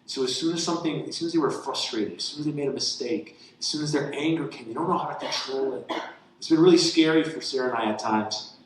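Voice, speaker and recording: A man's voice: medium pitch, a little hiss or hum. A man, a campus pastor giving a sermon in a conversational storytelling manner. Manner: conversational, voice rising with excitement in the story. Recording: very echoey hall.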